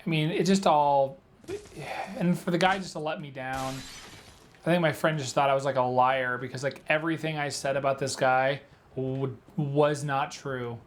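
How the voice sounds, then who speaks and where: A man's voice: medium pitch, steady tone, normal speed, a little hiss or hum. A man giving casual, rambling commentary while playing a video game, full of filler words. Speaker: let's play gamer.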